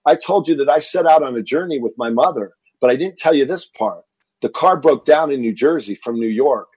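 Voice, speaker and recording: Man, 50s, from Texas, husky voice, dry recording, animated storyteller, repeats words. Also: mid-range voice, a little fast, no room sound. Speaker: guest, fitness entrepreneur. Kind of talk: interview storytelling.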